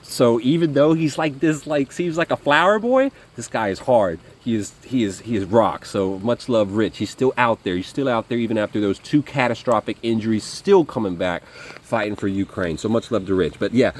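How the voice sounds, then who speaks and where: A man's voice: mid-range voice, moderate pace. A man telling war stories to camera in a rambling, conversational way, with lots of fillers and restarts. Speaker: vlogger. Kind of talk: casual storytelling monologue.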